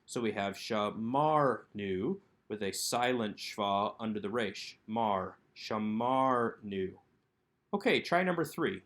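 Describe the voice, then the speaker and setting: A man narrating a recorded language lesson over slides, sounding out words slowly and carefully. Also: lowish voice, animated, a bit bright. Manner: slow, careful enunciation of Hebrew words. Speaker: Hebrew teacher.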